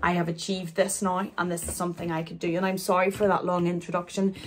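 A woman, chatting through an unboxing in a halting, emotional way, with many restarts. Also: on the low side, level tone, slight background noise. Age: 40s. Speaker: luxury vlogger.

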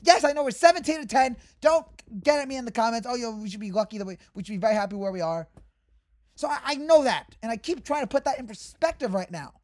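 Heated woman ranting, fairly high voice. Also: darkish tone. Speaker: sports fan channel host. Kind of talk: fan rant to camera.

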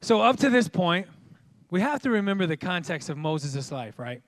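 Man, pastor, high voice, dry close sound, joking, animated sermon. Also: normal speed, no room sound. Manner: animated, joking, bursts into loud exclamations. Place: church.

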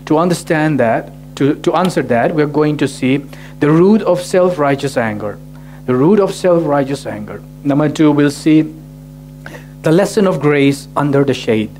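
A man delivers a sermon as pastor, his voice sitting a little higher than most men's. He repeats each heading for emphasis and keeps checking in with a quick "right?". A guitar plays faintly behind him. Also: expressive, darkish tone. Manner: restates key points, frequent "right?" checks. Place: church in Tokyo.

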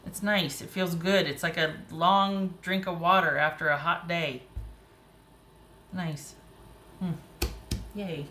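A woman giving a casual, chatty tarot reading, encouraging and quick to laugh and exclaim. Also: fairly low pitch, fairly even intonation, a bit bright, echoey room, a little hiss or hum. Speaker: tarot reader.

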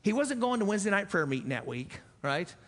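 A man's voice: sits high, big pitch swings, fast, fairly bright tone. A man preaching a sermon as pastor, earnest and repeating phrases for emphasis. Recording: echoey church hall.

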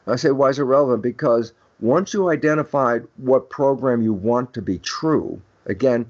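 Older male guest expert, mid-pitched, emphatic lecturer who voices quoted exchanges; dull low-fi recording. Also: normal speed, darkish tone. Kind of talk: podcast interview, explaining ideas. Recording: dull lo-fi audio.

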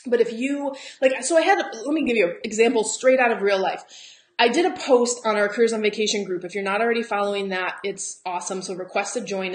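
A Southern American woman coaching travel agents in a chatty, encouraging live talk, often laughing and acting out quotes. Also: mid-range voice. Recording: roomy echo.

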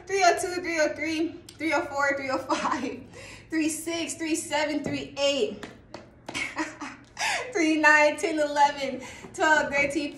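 A high-voiced woman reads tarot in a loose, chatty way. She gets excited, laughs a lot and sometimes sings a line. The room is echoey, with a faint hum of noise behind her. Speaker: tarot reader. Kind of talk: casual tarot reading livestream.

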